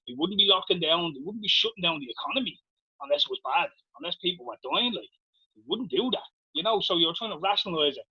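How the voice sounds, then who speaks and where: A man's voice: fairly high pitch, expressive, fast, breathy edge, dry recording. An Irish man co-hosting a podcast, ranting with heavy swearing in casual chat. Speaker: podcast co-host. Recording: dull lo-fi dry sound.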